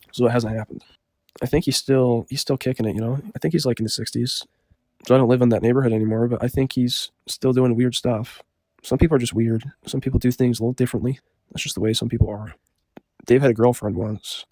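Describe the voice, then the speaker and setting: Guy rambling thru a story, deadpan, lots of likes, dry mic. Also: medium pitch, no room sound. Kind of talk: casual storytelling.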